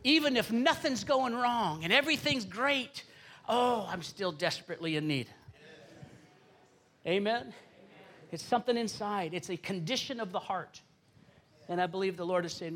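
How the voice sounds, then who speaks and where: A man's voice: high voice, moderate pace, pauses often, fairly bright tone. A middle-aged man preaching as a pastor in a church, moving from conversational teaching into earnest, fervent prayer. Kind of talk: sermon and congregational prayer. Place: church sanctuary.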